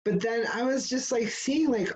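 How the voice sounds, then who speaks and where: A woman in casual spiritual chat, leading the discussion and telling stories in a rambling, animated way, full of fillers and restarts. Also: a little high, moderate pace, a little hiss or hum, poor audio. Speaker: discussion leader.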